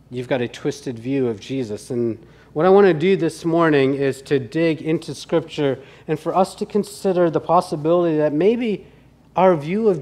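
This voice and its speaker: A male pastor preaches in a conversational, earnest way, dropping his voice quieter on his most serious points. His voice sits a little higher than most men's. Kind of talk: sermon.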